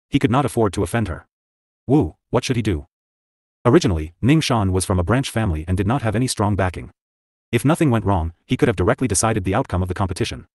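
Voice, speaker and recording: A male narrator reads a fantasy novel with a steady, scripted delivery. His voice sits low and moves at a brisk clip. The sound is close and dry, with no room around it. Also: dry recording. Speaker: audiobook narrator.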